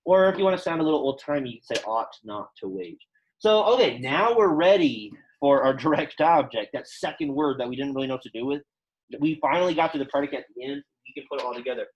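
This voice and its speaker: The highs are cut off in this clip of a young man with a fairly high voice speaking quickly. He's teaching a Latin class, explaining grammar casually with many fillers to students in the room and online.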